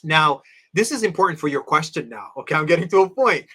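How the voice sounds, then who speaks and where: Speaking fast in a husky, fairly high voice, a middle-aged Orthodox priest recounts a personal story during an interview. He's an animated storyteller who performs the voices of those he quotes.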